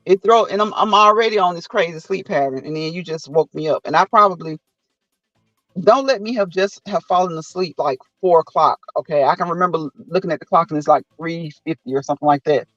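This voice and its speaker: A man's voice: on the high side, brisk, dry recording, muffled recording, faint music behind. A man hosting a casual live chat who tells stories animatedly, acts out what people said, and laughs often. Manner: animated storytelling, acting out quotes. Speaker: host.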